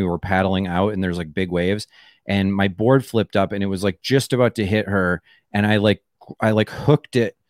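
Rambling, smooth-voiced man. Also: lowish voice, no room sound, clean studio sound. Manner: rambling, many fillers and restarts. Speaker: comedian guest. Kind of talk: casual chat.

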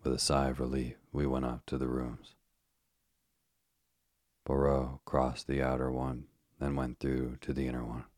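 A man narrating a mystery as a calm, even sleep-story reading. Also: very deep voice, a little slow, dry recording, studio quality.

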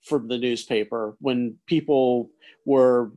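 A man with a Pittsburgh accent, chatting on a podcast over a video call while lying down, relaxed, with halting restarts. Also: medium pitch. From Pennsylvania. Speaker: executive editor. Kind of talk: casual chat.

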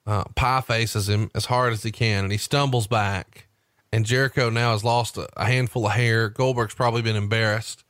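Lively storytelling podcast host, man. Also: mid-range voice, no room sound, clean studio sound. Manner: animated storyteller, asks questions. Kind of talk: casual storytelling chat.

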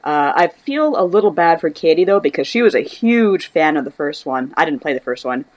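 A woman's voice: low-pitched, big pitch swings, fairly quick. A woman co-hosting a casual podcast chat, rambling with many fillers. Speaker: podcast co-host.

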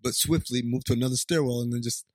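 A man co-hosting a casual talk show, making lively, sarcastic comments. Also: mid-range voice, fast talker, no echo. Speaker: podcast co-host. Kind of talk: casual chat.

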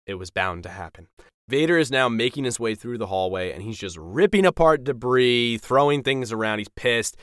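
A man co-hosting a podcast retells scenes with a bouncy, animated delivery. His pitch swings freely up and down. The recording is dry and close, with no room sound around him. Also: moderate pace, dry recording. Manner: animated storyteller, chatty, swearing. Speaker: podcast co-host. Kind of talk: casual chat recapping a TV episode.

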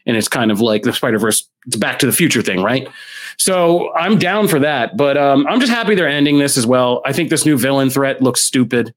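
A man co-hosting a casual comic book chat, blunt and opinionated in a steady way. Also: medium pitch, brisk, slight background noise. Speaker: comic book podcast co-host.

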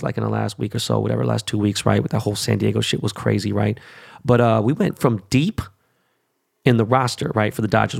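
Gravelly, profane man ranting casually. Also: medium pitch. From Korean descent stated, not origin. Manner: profane, rambling, hyped sports talk. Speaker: vlogger. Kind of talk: casual rant to camera.

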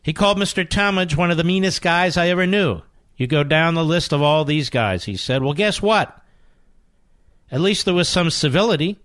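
Speaking at normal speed in a slightly high voice, this radio host reads news in the studio, then undercuts it with sarcastic, combative muttered asides between bursts of loud emphasis. The studio-mic recording is dry.

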